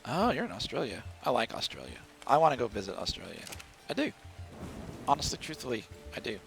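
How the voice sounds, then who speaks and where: Streaming a game from home, a man from the central United States chats and rambles to himself, giving casual commentary over background music. His voice is medium-pitched, gravelly, and fairly bright, with wide pitch swings and a fairly quick pace, though the recording quality is low.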